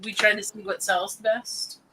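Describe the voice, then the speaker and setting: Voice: mid-range voice, flat delivery, normal speed, crowd noise, low-quality recording. A coffee roaster guest on a podcast, talking easily with lots of "you know" and "um". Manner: easygoing, filler-heavy. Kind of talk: casual chat.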